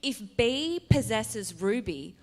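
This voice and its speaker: A woman's voice: a little high, sing-song, slow, very noisy. A woman on a convention panel, playful and teasing. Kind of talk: casual panel chat.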